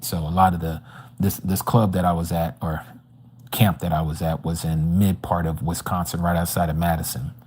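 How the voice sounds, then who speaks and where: Low mellow-voiced man telling a story. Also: moderate pace, slightly rough. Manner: animated storyteller who acts out dialogue. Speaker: Bible study teacher. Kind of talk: personal testimony at a religious study livestream. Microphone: livestream microphone.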